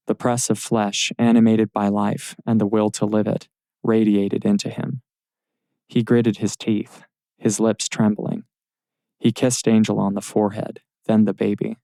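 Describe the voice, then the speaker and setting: A man reading audiobook narration in a steady, measured way, recorded close in a studio booth. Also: lowish voice, gravelly, no echo.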